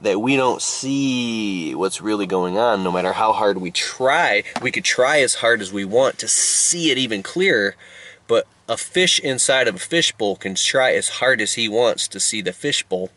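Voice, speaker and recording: A man giving an improvised motivational story in an animated, emphatic way. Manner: animated, emphatic, jumps up in pitch for effect. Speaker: motivational speaker.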